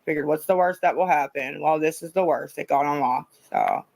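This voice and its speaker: A woman's voice: low-pitched, a little fast, vocal fry, a little mellow, dry recording, low-quality recording. A woman chatting casually on a livestream, rambling, repeating herself and swearing freely. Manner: rambling, profane, repetitive.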